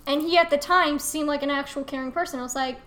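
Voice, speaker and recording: A young woman with a high voice co-hosts a podcast in loose, casual chat. She tells stories bluntly and swears freely, without holding back. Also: steady tone, fast, fairly bright tone. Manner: frank, profane storytelling. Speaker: podcast co-host.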